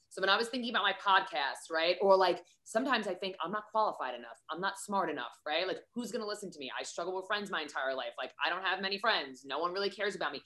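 A woman hosts a casual motivational podcast with a bright, forceful voice pitched a little low. She talks candidly and swears freely, acting out little scenes as she goes. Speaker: podcast host.

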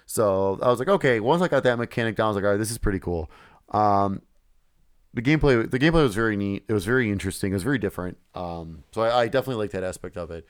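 A man's voice: lowish voice, expressive, very fast, clear, resonant tone. A man co-hosting a casual podcast who rambles and swears freely. He acts out his own reactions as he goes. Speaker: podcast co-host. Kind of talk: casual chat.

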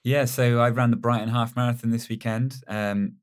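A man's voice: mid-range voice, steady tone, moderate pace. A man chatting on a podcast, self-deprecating and hesitant. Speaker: guest colleague. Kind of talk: casual chat.

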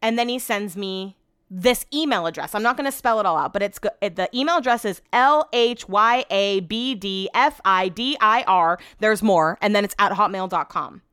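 A woman's voice: mid-range voice, animated, normal speed, pushed and bright, smooth, no room sound, clean studio sound. A woman hosting a podcast, telling a story in a casual, rambling way, full of "like"s and frank swearing. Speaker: podcast host.

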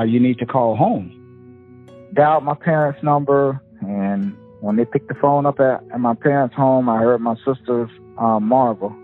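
A man speaks in a halting way over a tinny, phone-like recording, pausing often on fillers. His pitch sits in the middle range, and faint music plays underneath. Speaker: victim's brother. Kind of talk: recounting memories in an interview.

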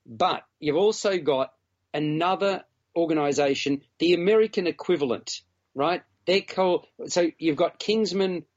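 A man's voice: on the high side, normal speed, a little mellow, lo-fi sound. A man co-hosting a casual podcast chat about a film, chatty and teasing, talking in long run-on stretches. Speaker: film reviewer co-host.

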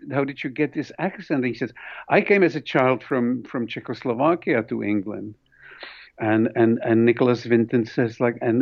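An accented man recounting stories as an author, animated and full of restarts and fillers. His voice has a mid-range pitch. The recording is dull and lo-fi. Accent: foreign accent. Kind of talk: conversational interview.

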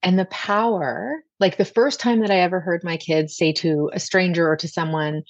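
A woman's voice: lowish voice, moderate pace, hardly any pauses, no room sound, dull audio. A woman in her forties, a pediatrician guest, talking earnestly in a casual podcast chat. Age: 40s. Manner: earnest, chatty.

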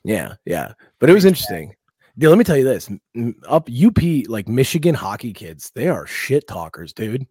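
A man with a slightly husky, breathy voice at a middling pitch, chatting on a comedy podcast. He tells stories with lots of energy and jumps into loud impressions of other people. The sound is dry and close to the mic. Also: moderate pace, dry recording. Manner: animated storytelling, acts out quotes in raised voices. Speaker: podcast co-host. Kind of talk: casual comedy podcast chat.

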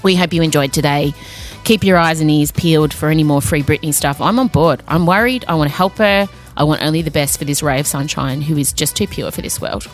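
A woman hosting a podcast, chatting in a giggly, teasing, animated way. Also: sits low, a little fast, soft background music. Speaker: podcast host. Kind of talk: casual podcast chat.

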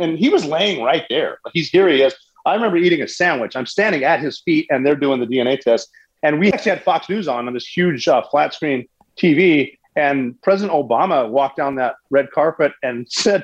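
A man telling a story in a conversational way, animated, with restarts and sports analogies. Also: on the high side, breathy edge, dull audio. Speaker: guest recounting a military raid.

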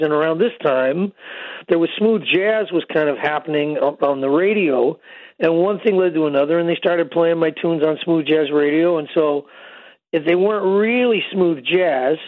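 A man's voice: on the high side, dry recording. Older man rambling over a tinny phone. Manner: long rambling storytelling with many fillers. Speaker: guest musician. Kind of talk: casual interview over the phone.

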